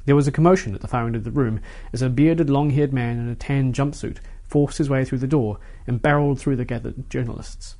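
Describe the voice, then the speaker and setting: A man reading a short story aloud as its narrator, in a measured storytelling manner. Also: medium pitch, mellow.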